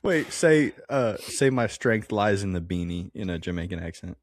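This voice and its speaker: A man's voice: fairly low pitch, animated, moderate pace. A man co-hosting a casual Bible-study podcast. He rambles, stops to restart his sentences, and breaks into laughter often. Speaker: podcast co-host.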